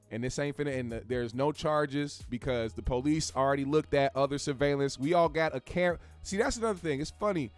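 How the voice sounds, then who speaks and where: A man hosting a show, ranting bluntly in heavy slang with plenty of swearing. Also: mid-range voice. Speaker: show host. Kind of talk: profane commentary rant.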